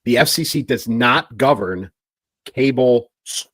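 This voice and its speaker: A man's voice: mid-range voice, lively intonation, a little slow, a bit bright, husky, dry recording. A man co-hosting a political talk show, explaining points emphatically.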